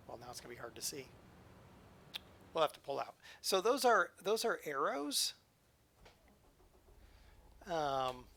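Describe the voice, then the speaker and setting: A man's voice: a little high, a bit bright, a little hiss or hum. A man casually chatting with his viewers while playing a truck-driving game, joking around and explaining things as he goes. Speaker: streamer. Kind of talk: casual live gameplay chat. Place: home streaming setup.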